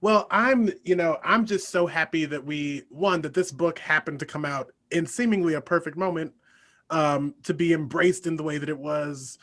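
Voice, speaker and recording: A man's voice: a little high, moderate pace, fairly bright tone. A man hosting a podcast interview, chatting casually and animatedly, with lots of filler words. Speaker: podcast host.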